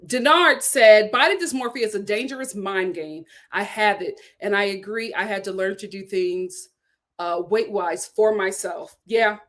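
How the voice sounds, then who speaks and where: A young adult woman hosting a casual livestream, reading viewer comments aloud in a chatty, animated way and laughing often. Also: mid-range voice. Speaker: YouTube show host reading super chats.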